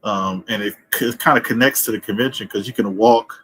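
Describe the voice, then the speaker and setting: A man's voice: lowish voice, fairly quick, a bit bright, low-quality recording. A man on a livestream chatting loosely and rambling, laughing easily. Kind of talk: casual chat.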